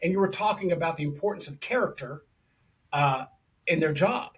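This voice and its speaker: A man's voice: a little high, moderate pace, fairly bright tone. A man hosting an interview podcast, chatty and enthusiastic, talking casually to his guest and calling him brother. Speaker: podcast host.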